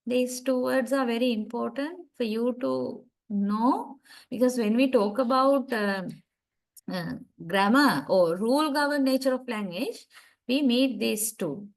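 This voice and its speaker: A woman teaches a class over a video call, taking her time and pausing to ask whether her students are following. Her voice sits a little high, and she moves unhurriedly from point to point. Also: vocal fry, poor audio. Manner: slow, deliberate explaining with frequent "right?" and "uh" checks. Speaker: lecturer. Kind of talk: online university lecture.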